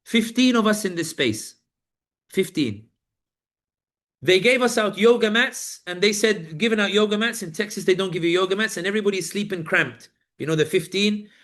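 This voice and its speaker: Man, high voice, live panel guest, vivid storytelling, acts out quotes. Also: animated, normal speed, fairly bright tone. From Britain. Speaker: journalist guest.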